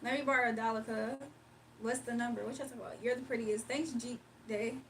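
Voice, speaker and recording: A woman's voice: a little high, steady tone, quick pace, far from the mic, a little hiss or hum, low-quality recording. A woman from Virginia hosting a late-night livestream, chatting casually, reading comments aloud, and laughing often. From Virginia, United States. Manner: laid-back slangy talk, laughs often. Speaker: livestream host.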